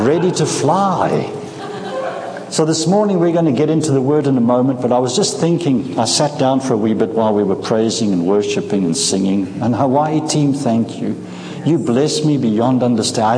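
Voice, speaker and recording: A man's voice: medium pitch, expressive, normal speed, darkish tone, slight background noise. A man with a Scottish accent, a guest preacher telling a story to a church congregation. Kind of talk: sermon. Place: church sanctuary. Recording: echoey church hall, faint ambience.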